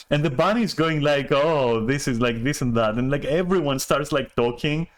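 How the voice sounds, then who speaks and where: A man streamer telling a story in a casual rant, animated, swearing and restarting often. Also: mid-range voice, moderate pace, few pauses.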